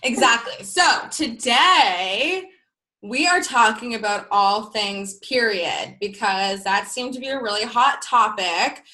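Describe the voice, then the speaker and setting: A hoarse woman in her late twenties, co-hosting a podcast in casual, giggly live-stream chat on a built-in laptop mic. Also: fairly high pitch, expressive, takes it slowly, pushed and bright. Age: late 20s. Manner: giggly, chatty. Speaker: podcast co-host.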